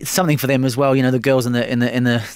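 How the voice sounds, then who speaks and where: A man's voice: mid-range voice, fairly even intonation, very fast, clean tone, no room sound. A man in his thirties with a New Zealand accent, chatting frankly as an interview guest, with many restarts. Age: 30s. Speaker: interview guest, ballroom dancer. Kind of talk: casual interview chat.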